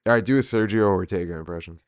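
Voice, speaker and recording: A man's voice: low voice, fast talker, clear, resonant tone. A man hosting a podcast, chatting and joking casually with a guest. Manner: joking, puts on mock voices. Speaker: podcast host.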